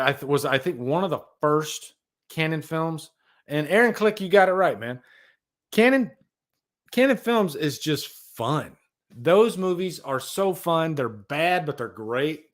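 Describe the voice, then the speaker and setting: Guy hosting a live stream, chatty and excitable, voice jumps all over. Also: on the high side. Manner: enthusiastic, rambling, talks to chat viewers. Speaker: livestream host. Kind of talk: casual live-stream chat about movies.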